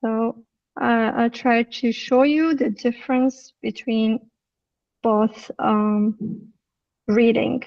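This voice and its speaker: A woman teaching an English lesson in a live online session, explaining patiently and reading examples slowly. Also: on the high side, fairly even intonation, vocal fry, darkish tone, distant mic, lo-fi sound.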